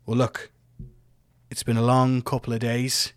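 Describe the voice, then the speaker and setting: A man, narrating a tabletop game as game master in a relaxed, laid-back way. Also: mid-range voice, measured pace, smooth, dry recording, clean studio sound.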